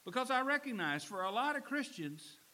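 A middle-aged man preaching a sermon as pastor. He swings from loud, emphatic lines to low, quiet ones. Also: very animated, fairly quick, rough recording.

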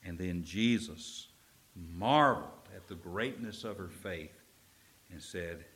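A man preaching a sermon as pastor, telling a story with animated swings from loud emphasis to a near whisper. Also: sits low, slow pace.

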